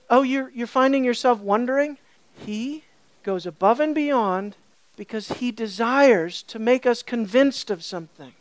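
A woman pastor preaches at a measured pace, with no room sound, quizzing her listeners and repeating ideas for emphasis. She surges to loud, high peaks and drops softly and low for scripture.

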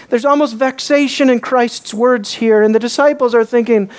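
A woman preaching a sermon. She asks the congregation rhetorical questions and swings between soft, low asides and raised exclamations. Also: normal speed, few pauses.

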